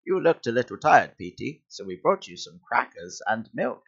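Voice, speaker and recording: A man voicing a kindly elderly aunt in a gentle, doting way. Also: medium pitch, big pitch swings, normal speed, creaky, slightly rough, lo-fi sound, exaggerated voice.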